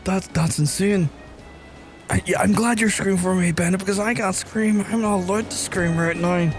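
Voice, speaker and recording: A man's voice: sits high, moderate pace. Male streamer, home setup, swears freely and stammers, faint music under him. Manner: excitable, profane, stammering repeats. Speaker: livestreamer. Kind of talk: casual live-stream chat. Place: indoors at home.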